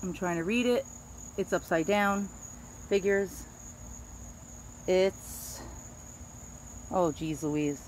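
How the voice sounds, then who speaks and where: A woman's voice: lowish voice, slow, pauses often, slight background noise. A middle-aged woman with a Queens, New York accent, chatting casually as she shows off antiques and stumbles over names. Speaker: antique dealer. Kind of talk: casual show-and-tell.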